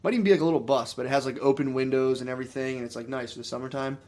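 Young man, quick, profane storyteller, podcast host. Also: medium pitch, darkish tone. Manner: swears a lot, laughs through stories. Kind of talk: casual chat, storytelling.

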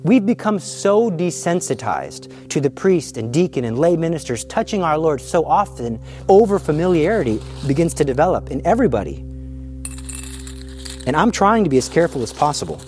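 Fervent man with a lively, rising voice. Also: on the high side, moderate pace, soft background music. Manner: fervent, emphatic, rhetorical questions. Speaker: Catholic speaker teaching on the Eucharist. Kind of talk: impassioned teaching demonstration.

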